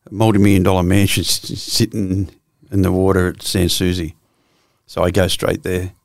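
An Australian man in his sixties tells his story as a guest, swearing freely and restarting his sentences. His low voice has a gravelly edge, and it sounds close and dry with no room echo. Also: flat delivery, normal speed. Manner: blunt, profane storytelling with frequent restarts. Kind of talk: candid storytelling interview.

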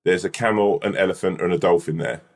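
A man's voice: deep voice, steady tone, quick pace. A man chatting casually on a podcast, rambling through silly made-up scenarios. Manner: rambling, builds silly hypotheticals. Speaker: podcast co-host. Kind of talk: casual banter.

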